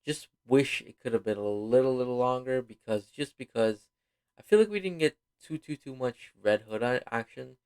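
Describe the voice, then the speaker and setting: A man's voice: mid-range voice, normal speed, darkish tone, smooth. A man giving a rambling, casual film review, full of fillers and apologies, sounding tired. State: yawning, tired. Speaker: video host reviewing a film.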